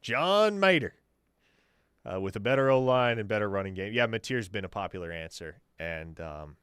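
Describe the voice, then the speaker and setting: A man's voice: deep voice, a little fast, a bit bright, clean tone, no room sound. A man hosting a sports talk radio show, confidently answering listener questions as a team insider. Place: radio studio.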